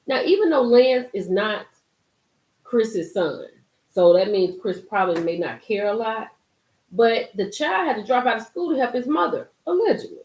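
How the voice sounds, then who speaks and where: A woman hosting a casual live-stream commentary, emphatic and animated, reading and reacting to viewer comments. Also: on the high side, moderate pace. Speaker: YouTube commentary host. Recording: roomy echo.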